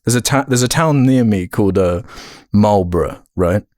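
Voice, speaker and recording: A man with an English accent chats casually on a podcast, his low voice swinging widely as he rambles and restarts. He laughs often between thoughts, and the recording is close and dry. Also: expressive, normal speed, darkish tone, no echo. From United Kingdom. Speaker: podcast co-host.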